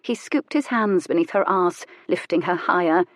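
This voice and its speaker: A woman narrating an audiobook in an intimate, measured storytelling manner. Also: on the low side, no echo. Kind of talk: scripted narration.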